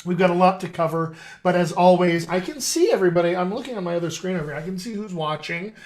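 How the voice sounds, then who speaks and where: A man's voice: high voice, expressive, fast. A man, a dialect coach, hosting a live video stream in a playful, chatty way and talking straight to his viewers over a video call setup. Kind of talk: casual live-stream chat.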